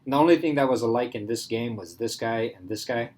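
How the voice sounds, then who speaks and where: A man's voice: medium pitch, quick pace, darkish tone. Casual male math teacher thinking aloud. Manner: casual, thinks aloud, asks the class questions. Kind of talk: classroom math lecture.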